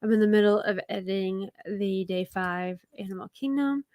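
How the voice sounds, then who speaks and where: A woman of middle pitch chats on a live stream, laughing often and hesitating with fillers. The sound is dry and close, without room echo. She talks in an everyday way. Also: normal speed, a little mellow. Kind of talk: casual live stream chat.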